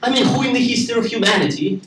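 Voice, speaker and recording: A man with a Russian accent performing stand-up comedy for a live audience, with a deadpan delivery. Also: very high voice, very fast, echoey room, far from the mic, slight background noise, low-quality recording. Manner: deadpan delivery, with acted-out character voices. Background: audience laughter.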